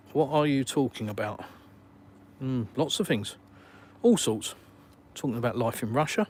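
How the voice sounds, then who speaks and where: A man's voice: medium pitch, a little hiss or hum. Blunt Englishman chatting on a phone stream. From England. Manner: blunt, outspoken, swears casually. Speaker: live streamer. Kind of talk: casual live-stream chat reading viewer comments. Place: outdoors, walking around while streaming.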